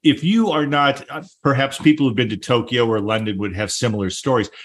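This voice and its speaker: Casting: male host, mid-pitched, reflective and enthusiastic, unhurried wordy delivery. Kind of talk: casual interview chat.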